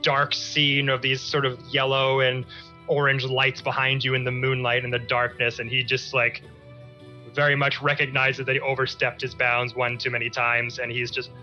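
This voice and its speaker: A man narrating as game master of a tabletop game, describing scenes in an unhurried storytelling manner. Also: mid-range voice, little pitch movement, pushed and bright, dull audio, soft background music.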